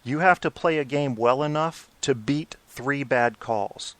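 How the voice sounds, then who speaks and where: A man's voice: mid-range voice, measured pace, fairly bright tone, no echo. A man in his forties hosting a post-game hockey talk show, opinionated and blunt, swearing when riled. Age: 40s. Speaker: podcast host.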